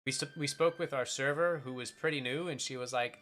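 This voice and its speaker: Bright-voiced man telling a rambling story. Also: medium pitch, fairly quick, few pauses. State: voice changed by a bite on the throat. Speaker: streamer. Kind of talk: casual stream chat.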